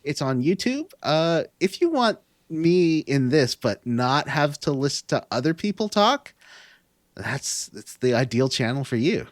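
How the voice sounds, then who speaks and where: A man's voice: a little high, very animated, a little slow, dry recording, clean studio sound. A man hosting a casual gaming podcast, rambling and self-deprecating with lots of fillers. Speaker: podcast host.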